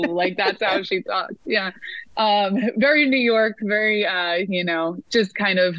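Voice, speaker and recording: A woman who works as a sports announcer, telling lively stories in a casual interview, full of fillers and restarts. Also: medium pitch, unhurried, lo-fi sound.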